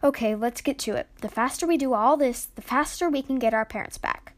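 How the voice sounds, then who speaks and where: A young girl adventurer from a storybook, quick to exclaim and easily exasperated, as a woman reads her lines. She sits high in pitch and speaks with eager, frustrated energy. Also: close to an everyday voice.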